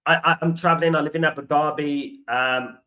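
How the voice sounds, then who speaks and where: A man's voice: on the high side, steady tone, brisk, bright, forceful tone, low-quality recording. A man, hosting a football fan watchalong and telling stories to viewers in a casual chat. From London. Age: 40s. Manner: chatty storytelling, addresses viewers as guys and mate. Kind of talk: casual live-stream chat.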